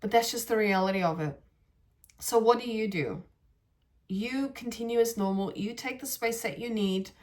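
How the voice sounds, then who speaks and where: A woman's voice: fairly high pitch, moderate pace, darkish tone, distant mic. A woman hosting a reflective podcast, talking casually and earnestly straight to her listeners. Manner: chatty, earnest, addresses listeners as guys, frequent "like" and "right". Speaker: podcast host. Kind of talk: casual reflective talk to camera.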